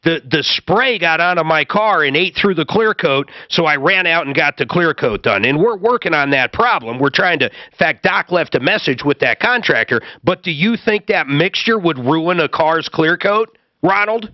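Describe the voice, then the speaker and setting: A man hosting a call-in radio show, brisk and friendly as he moves between callers. His voice sits a little high for a man. The sound is dry and slightly muffled, like a dull studio feed. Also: expressive, no echo. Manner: brisk, friendly, reads phone numbers. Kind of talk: on-air call-in talk.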